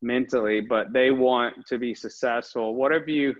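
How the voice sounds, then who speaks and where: A man's voice: medium pitch, fairly even intonation, normal speed. A man hosting a casual interview, upbeat and encouraging, asking long rambling questions. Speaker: host. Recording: slightly dull lo-fi audio.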